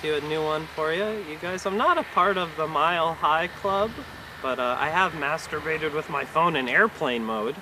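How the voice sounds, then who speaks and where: A man performs stand-up at a live venue, his voice sitting a touch high. He delivers each line awkwardly and deadpan, hedging with fillers. The recording carries clear background noise. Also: normal speed. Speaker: stand-up comedian. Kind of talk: stand-up comedy set.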